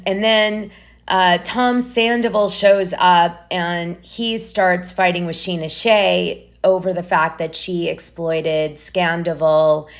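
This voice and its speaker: Woman with a deep speaking voice, chatty gossip-channel host rambling through a reality-show recap. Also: creaky.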